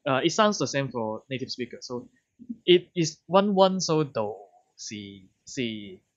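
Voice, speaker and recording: A man's voice: medium pitch, very animated, unhurried. Hong Kong-accented male tutor, patient, demonstrative, slightly dull audio. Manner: patient, demonstrates tones by repeating sounds. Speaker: language teacher. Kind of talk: online lesson.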